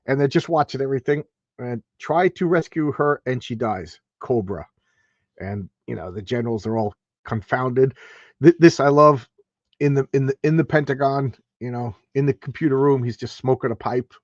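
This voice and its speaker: Speaking at medium pitch and a moderate pace, this comic book show host reviews comics casually, rambling with enthusiasm through frequent restarts and side comments. The audio is dull but free of echo.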